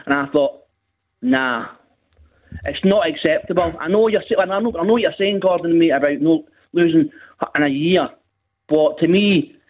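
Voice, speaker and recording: A Scottish man calling a radio phone-in, grumbling and tagging "right?" onto his sentences. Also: fairly high pitch. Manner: grumbling, repeats "right?" often. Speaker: caller. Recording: tinny phone line.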